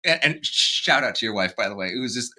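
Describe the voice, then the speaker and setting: A man hosting a casual podcast chat. He is excitable and laughs often. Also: mid-range voice, quick pace. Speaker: podcast host.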